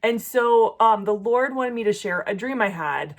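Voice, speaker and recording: Speaking expressively at a normal speed with a fairly high voice, an adult jewelry-making vlogger who has a son talks casually about her crafts. She then prays earnestly for her audience as encouragement. Her chat is full of ums and self-corrections.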